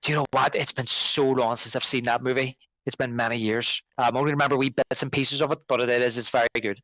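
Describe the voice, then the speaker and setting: A man's voice: mid-range voice, steady tone, fast talker, fairly bright tone, no room sound, low-quality recording. A man, co-hosting a film podcast in casual chat, rambling and restarting as he recalls names. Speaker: podcast co-host.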